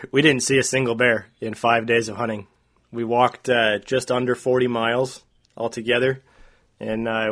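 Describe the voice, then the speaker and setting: A man co-hosting a podcast, telling a long story in a rambling, animated way, full of "like" and "uh". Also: medium pitch, gravelly. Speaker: podcast co-host. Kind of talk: casual storytelling.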